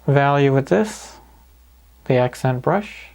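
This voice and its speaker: Calm gravelly man teaching painting. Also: a little high, normal speed. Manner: calm, easygoing, talks through each step. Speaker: painting instructor. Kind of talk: paint-along tutorial narration.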